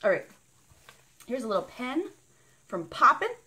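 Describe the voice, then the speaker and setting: A woman's voice: on the high side, very animated, unhurried, pushed and bright. A woman vlogging an unboxing in a casual, bubbly and rambling way, gushing over each item. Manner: bubbly and gushing, squealing with delight; rambling and chatty.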